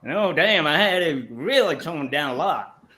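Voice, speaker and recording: A man's voice: on the high side, expressive, measured pace, bright, forceful tone. A man from Africa, telling his story as a guest on a casual interview show, full of restarts. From South Africa. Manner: rambling with frequent restarts. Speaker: guest actor.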